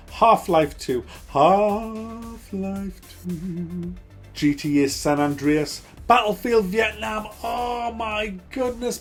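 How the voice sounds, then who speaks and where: A middle-aged man hosting a gaming channel, ranting with nostalgia, swearing a lot and repeating game titles over and over. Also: medium pitch.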